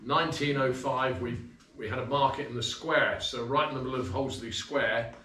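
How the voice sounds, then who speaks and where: Man, slightly worn voice, relaxed storytelling, roomy echo, far from the mic. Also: medium pitch, brisk. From England. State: voice a little worn from selling. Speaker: guest speaker, livestock auctioneer. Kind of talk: informal talk to a club. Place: pub function room. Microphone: far camera. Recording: roomy, distant, faint room noise.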